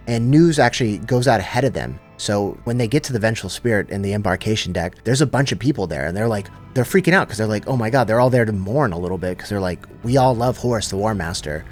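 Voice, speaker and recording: A man recaps a story in a relaxed, slangy way, stumbling over restarts and tossing in filler words. His voice sits fairly low. Soft music plays underneath. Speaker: lore summarizer. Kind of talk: casual lore recap.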